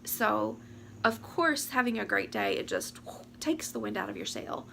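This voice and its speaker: A woman, talking to camera about her year. She rambles, talks fast and fights back tears. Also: mid-range voice, lively intonation, vocal fry, pushed and bright, a little hiss or hum. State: teary, close to crying. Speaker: vlogger. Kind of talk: casual chat to camera. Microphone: camera or phone mic.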